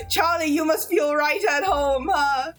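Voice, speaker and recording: A woman's voice: high-pitched, a bit bright. A woman streamer chatting casually with her chat, laughing often.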